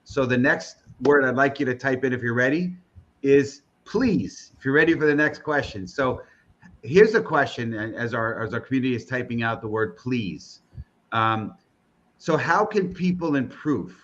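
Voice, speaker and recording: A man from the American Northeast hosts a live broadcast in a casual, rambling way, full of fillers and restarts as he urges his audience on. His voice sits at an ordinary pitch. The audio is slightly dull and lo-fi. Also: expressive, normal speed, a bit bright. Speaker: host of a live interview broadcast. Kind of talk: casual live-stream chat.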